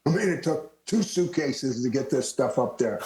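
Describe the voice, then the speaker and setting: An older man from Florida, a retired wrestler, telling lively stories as a guest and laughing often. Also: mid-range voice, moderate pace. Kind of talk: storytelling interview. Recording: roomy echo.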